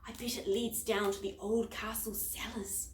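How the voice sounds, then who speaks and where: A woman's voice: fairly high pitch, little pitch movement, moderate pace, slight background noise, lightly acted. A woman voicing an eager, decisive young girl detective in a storybook. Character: bright, bossy girl detective, eager and cheerful. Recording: echoey room.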